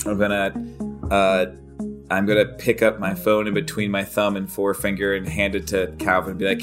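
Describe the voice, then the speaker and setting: A man's voice: lowish voice, monotone, a little fast, music in the background. A man playing a tabletop role-playing game, making wry, offhand remarks in character. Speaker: player.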